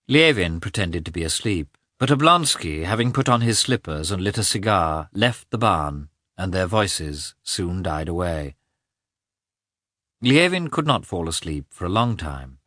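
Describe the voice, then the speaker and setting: A man narrating a novel in a measured, expressive reading, recorded close to the mic. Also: lowish voice, no echo. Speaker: audiobook narrator. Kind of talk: scripted narration.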